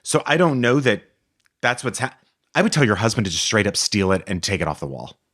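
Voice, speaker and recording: Animated, blunt man podcast co-host. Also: lowish voice, fairly quick. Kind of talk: casual advice-show banter.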